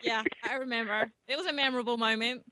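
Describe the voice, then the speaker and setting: A woman's voice: fairly high pitch, fairly even intonation, fast talker, pushed and bright, a little hiss or hum, poor audio. A woman with an Australian accent co-hosting a podcast, laughing often. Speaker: co-host. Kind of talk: casual roundtable chat.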